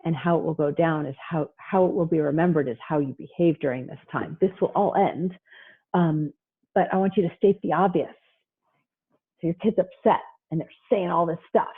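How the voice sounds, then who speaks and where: A woman psychologist delivers a lively parenting talk with a slightly husky voice. She is animated and slips into playful voices for parents and children. The sound is thin and tinny, like a phone line on a video call. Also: low voice, normal speed. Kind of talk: lively lecture with acted-out quotes.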